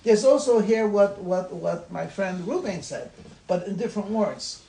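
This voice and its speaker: A man's voice: high voice, animated, unhurried, creaky, dark tone. A man, a rabbi, giving an informal class talk, conversational and repeating his words as he goes. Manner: conversational, repeats words, laughs at own examples. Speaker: rabbi leading a class discussion. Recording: echoey room with light noise.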